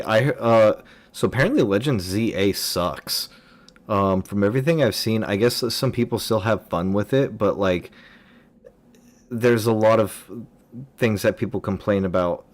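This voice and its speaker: Rambling young man with a low voice. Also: darkish tone. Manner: rambling, filler-heavy, answers chat questions. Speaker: game streamer. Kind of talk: casual chat while streaming gameplay.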